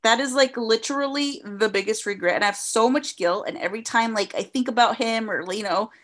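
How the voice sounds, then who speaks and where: A woman's voice: fairly high pitch, brisk, a bit bright. A young adult woman co-hosting a podcast, chatting casually and candidly, swearing freely and getting emotional. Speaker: podcast co-host. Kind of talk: casual chat.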